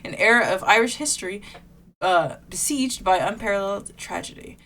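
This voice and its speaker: A woman's voice: mid-range voice, expressive, normal speed, pushed and bright. Woman streamer reading a game aloud. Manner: reads narration then breaks off with chatty reactions and laughs. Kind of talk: reading a visual novel aloud with casual asides.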